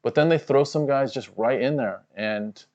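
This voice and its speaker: A man's voice: medium pitch, normal speed, darkish tone, muffled recording. A man co-hosting a live fight watch-along stream, giving casual, profane, analytical commentary full of "you know" fillers.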